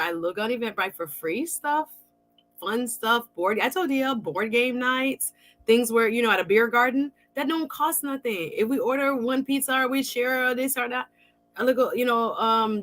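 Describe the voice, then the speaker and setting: A woman hosting a podcast in casual chat, expressive and chatty, with informal slang. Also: fairly high pitch, normal speed. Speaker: podcast host.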